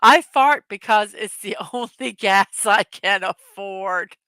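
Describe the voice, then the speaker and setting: Giggly slow-talking woman host. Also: mid-range voice, fairly bright tone, no echo. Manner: giggly, chatty, laughs often at her own jokes. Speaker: host of a daily morning show. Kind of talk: casual chat reading memes to a live audience.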